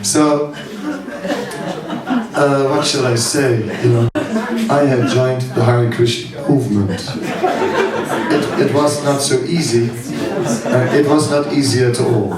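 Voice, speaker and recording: Slow chuckling monk in echoey hall. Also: male voice, medium pitch, lively intonation, a loud crowd. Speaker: monk giving a seminar. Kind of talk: storytelling talk. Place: hall at a summer camp. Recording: echoey hall from far off, audience.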